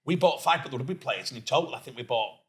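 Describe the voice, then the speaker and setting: A man from Doncaster with a Yorkshire accent, a guest entrepreneur telling lively stories in a casual interview and acting out what people said. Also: medium pitch, rapid-fire. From Doncaster, England. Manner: lively storyteller who acts out quoted speech.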